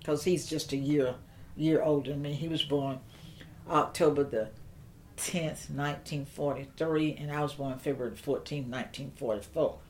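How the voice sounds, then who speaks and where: An older woman, telling a personal story in an interview, slow and reflective with halting restarts. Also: low-pitched, steady tone, darkish tone.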